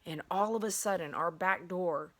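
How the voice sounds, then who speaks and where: A woman with a drawl talks straight into her phone from her bedroom, rambling and chatty, with plenty of "you know" and "um" along the way. Her voice sits a little low but has a bright, forward edge. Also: normal speed. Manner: chatty, rambling, with many fillers and restarts. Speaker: dog groomer and channel host. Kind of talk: casual vlog storytelling. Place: bedroom at home.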